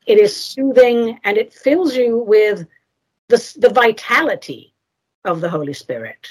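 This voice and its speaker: A woman's voice: a little high, lively intonation, unhurried, darkish tone, breathy edge. A woman hosting a spiritual radio talk show, speaking earnestly and asking her guest leading questions. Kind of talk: conversational interview.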